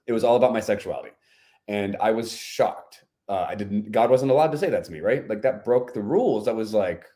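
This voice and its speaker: Podcast guest, male, lowish voice, earnest storyteller, conversational, leans on fillers. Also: brisk, warm tone.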